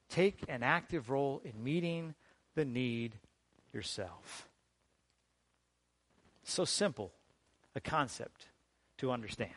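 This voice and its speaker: A man preaching a sermon as pastor, emphatic and deliberate, with dramatic pauses and strong swings in loudness. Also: medium pitch, dry recording.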